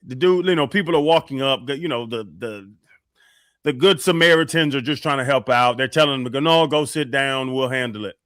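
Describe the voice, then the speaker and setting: A man's voice: medium pitch, a little fast, no echo, studio quality. A man co-hosting a sports radio show, telling a story casually and acting out the quotes. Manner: animated storyteller, acts out quotes.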